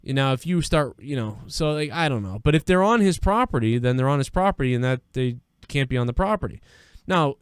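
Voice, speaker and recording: A man's voice: mid-range voice, clean tone, no room sound. A man hosting a live news-reaction stream, talking in a rambling, profane, conversational way. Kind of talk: casual live-stream commentary.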